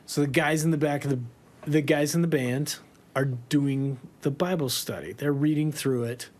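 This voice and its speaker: A man telling a tour story in a casual, animated way, laughing often and swearing freely. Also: fairly high pitch, normal speed.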